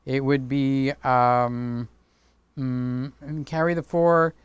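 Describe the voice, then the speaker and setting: Man, livestream host, chatty and playful, smooth clear voice, dry close mic. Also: mid-range voice, flat delivery, takes it slowly, no echo, muffled recording. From Greek heritage. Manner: chatty, playful, talks with his hands. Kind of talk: casual livestream chat.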